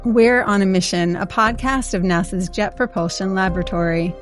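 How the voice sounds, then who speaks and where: A woman host giving measured, scripted narration for a science podcast. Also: mid-range voice, fairly even intonation. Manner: measured, explanatory. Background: music bed.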